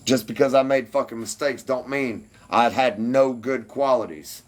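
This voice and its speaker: A man's voice: mid-range voice, normal speed. A man ranting defensively and with heavy profanity at his livestream commenters.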